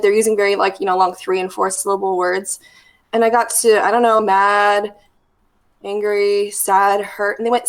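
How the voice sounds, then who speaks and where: A woman therapist speaks with a gravelly, creaky voice at an ordinary middle pitch. She tells stories in a relaxed, reflective way and leans on fillers. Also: a little fast. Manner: thoughtful, storytelling with many fillers. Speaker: therapist guest. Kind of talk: casual podcast conversation.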